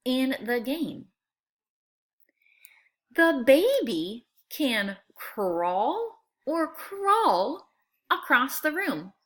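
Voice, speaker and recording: Lively, slow-paced woman teaching phonics. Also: sits high. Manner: slow, clear, exaggerated sound-outs; friendly, coaxing tone to children. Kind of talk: phonics lesson for young students.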